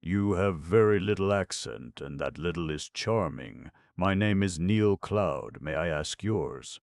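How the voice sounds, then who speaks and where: A man's voice: sits low, animated, measured pace, no room sound, clean studio sound. A man reading a firm, courteous space captain. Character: steady male ship captain, courteous and firm.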